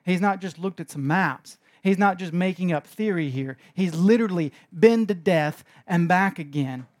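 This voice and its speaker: A man preaching a sermon in an animated way, moving between hushed and emphatic delivery. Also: sits high, normal speed. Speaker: pastor.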